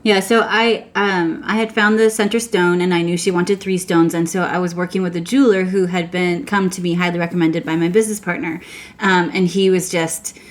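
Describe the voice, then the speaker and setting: A woman's voice: fairly low pitch, fairly even intonation, brisk. Easygoing woman podcast co-host. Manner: easygoing, laughs often, chimes in. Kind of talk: casual chat.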